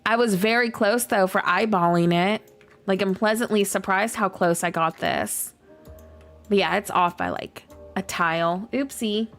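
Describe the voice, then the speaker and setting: A woman game streamer with a scratchy, hoarse voice, chatting casually and rambling with lots of "like" while she plays. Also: medium pitch, measured pace, fairly bright tone, faint music behind. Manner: chatty, rambling, heavy use of "like". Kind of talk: casual livestream chat while playing.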